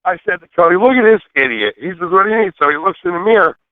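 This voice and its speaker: A brash man spins a rowdy story, swearing freely and laughing at himself. His voice sits fairly high for a man. He comes through a tinny phone line. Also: expressive, racing, dry recording. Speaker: phone-in guest telling a story. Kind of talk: animated storytelling.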